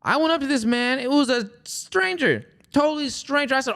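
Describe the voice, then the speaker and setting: A man's voice: very high-pitched, a little fast, creaky, slight background noise. A young man co-hosting a podcast, chatting casually and acting out quotes as he tells stories. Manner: animated storyteller, acts out quotes. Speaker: podcast co-host. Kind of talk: casual chat.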